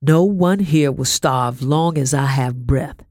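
A man's voice: mid-range voice, slow, a little mellow, dry recording, studio quality. A reader voicing a short, stern male army sergeant who gives firm, formal, courteous orders. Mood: commanding.

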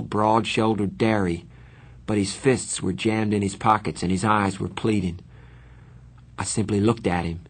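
Low husky male storyteller. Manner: even first-person storytelling with light character voices. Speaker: audiobook reader. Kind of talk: scripted narration.

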